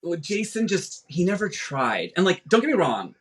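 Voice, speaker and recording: Candid, breathy-voiced young male guest. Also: sits high, big pitch swings, moderate pace. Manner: candid, profane, rambling with restarts. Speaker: podcast guest. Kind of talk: casual podcast chat.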